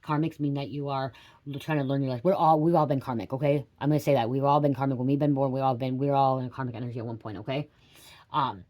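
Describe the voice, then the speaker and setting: A woman's voice: very deep voice, steady tone, fast, a little mellow. Rambling woman tarot reader, blunt. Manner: rambling, keeps adding "okay?" to check in; blunt, swears casually. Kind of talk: casual spiritual reading to camera.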